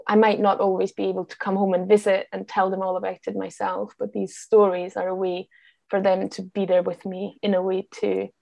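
A woman from Austria whose first language is German talks as a podcast guest in a friendly, thoughtful way, now and then restarting a phrase. Her voice is dark and mellow with a gravelly edge of fry. The sound is close and dry, with no room around it. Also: mid-range voice, level tone, fairly quick, dry recording. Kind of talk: casual interview chat.

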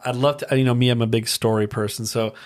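A man's voice: mid-range voice, steady tone, fast, a little mellow. A man hosting a casual interview, asking long, rambling questions full of fillers. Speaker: podcast host.

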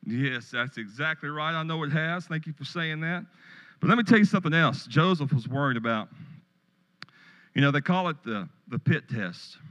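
A man's voice: on the high side, a bit bright, lo-fi sound. A middle-aged man pastor preaching a sermon, telling stories and joking with the congregation in a church. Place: church sanctuary.

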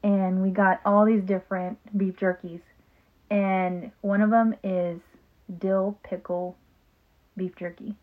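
A woman co-hosting a casual podcast with her sister, chatty and quick to laugh, with plenty of ums. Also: medium pitch, level tone. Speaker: podcast co-host. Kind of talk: casual chat. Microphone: phone. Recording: phone-like narrow sound.

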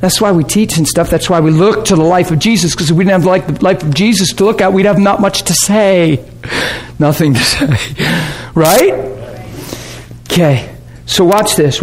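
A man with a high voice delivers a sermon to a class in a relaxed, talky way. He keeps checking in with his listeners and often breaks into laughter. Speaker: pastor. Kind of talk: sermon teaching. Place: warm classroom or church hall.

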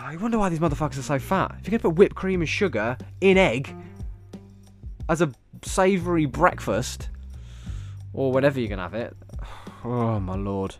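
A man, hosting his own podcast and rambling through stories, swearing constantly and getting animated. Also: fairly high pitch. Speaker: podcast host. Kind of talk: casual solo podcast chat.

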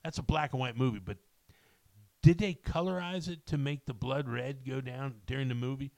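A man's voice: medium pitch, moderate pace, darkish tone, no echo. A middle-aged man hosting a casual movie chat, rambling with many ums and restarts. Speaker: podcast host.

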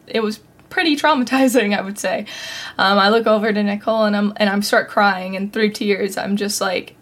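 A woman's voice: mid-range voice, fairly bright tone. A young adult woman hosting a podcast, telling a personal story in a chatty, casual way with lots of fillers. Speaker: podcast host.

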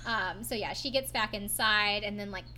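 A woman's voice: mid-range voice, normal speed, pushed and bright, a little hiss or hum. A young woman co-hosting a podcast, casually recapping a reality show and swearing freely. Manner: casual, swears freely, retells scenes with quoted voices. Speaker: podcast co-host.

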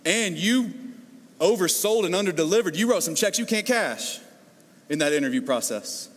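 A middle-aged man preaches with a fairly high, animated voice, jumping between quoted voices and stumbling over repeated words. His sermon rings through a church hall with a long reverb tail. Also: normal speed. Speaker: pastor.

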